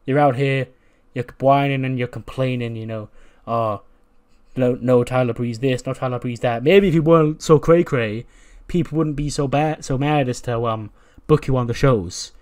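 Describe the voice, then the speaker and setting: A man voicing a cocky, flashy male wrestler who mocks his rival loudly. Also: medium pitch, normal speed, close to an everyday voice. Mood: taunting.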